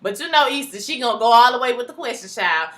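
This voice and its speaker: A woman recapping a TV episode in casual chat, animated, acting out the characters' lines as she goes. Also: on the high side, fast. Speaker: TV show recapper.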